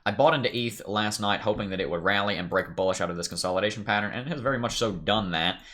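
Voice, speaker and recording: A young man from Tennessee with a faint Southern accent hosts a crypto livestream from home. His voice sits low and his talk runs quick. He is upbeat and chatty, reading out viewer comments and thinking aloud over his charts. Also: sharp tone.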